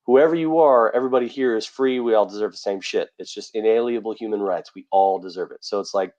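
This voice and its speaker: A man's voice: lowish voice, fast talker, darkish tone. A man co-hosting a podcast, talking casually and bluntly, with some swearing. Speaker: podcast co-host.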